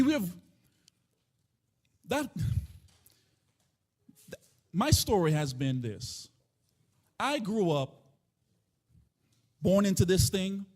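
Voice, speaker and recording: A high-pitched man preaches a live sermon as pastor in a church sanctuary. He delivers it passionately in a sing-song, chanting cadence, swinging between shouting and hushed tones.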